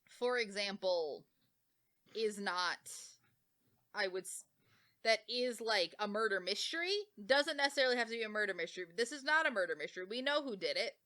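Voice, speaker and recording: A woman co-hosting a podcast, casually retelling a book's plot with lots of "like" fillers and quick self-corrections. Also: medium pitch, lively intonation, sharp tone. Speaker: podcast co-host. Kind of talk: casual book summary.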